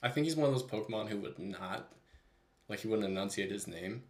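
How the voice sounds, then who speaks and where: A man's voice: fairly low pitch, lively intonation, a little fast, darkish tone. A young man co-hosting a casual chat show, playful and giggling often. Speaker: podcast co-host.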